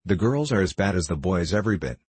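A man's voice: low-pitched, sing-song, quick pace, darkish tone, husky, heavily acted. A man reading the part of a jovial, good-natured older locksmith teasing his household. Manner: hearty, teasing storyteller.

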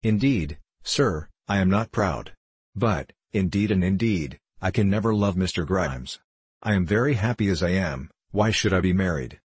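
A man's voice: low-pitched, animated, moderate pace, slightly rough, no room sound. A man reading a stubborn young lady. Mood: protesting. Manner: earnest, protesting. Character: spirited young gentlewoman, innocent and stubborn. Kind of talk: audiobook character reading.

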